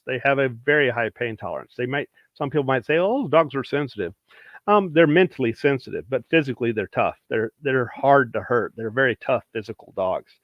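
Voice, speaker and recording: A plain-spoken man explains dog training in a matter-of-fact instructional way, driving each point home. His mid-range voice comes through a dull, lo-fi recording with a dry, close sound and no room echo. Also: medium pitch. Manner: plain-spoken, practical, repeats points for emphasis. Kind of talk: instructional talk.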